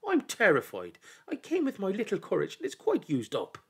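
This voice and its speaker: Guy putting on a squeaky little grumbling tinker, nervous and sulky, husky high voice. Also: huge pitch swings, moderate pace, exaggerated voice. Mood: frightened. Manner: tiny anxious voice, sulky and aggrieved. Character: small timid grumbling male tinker.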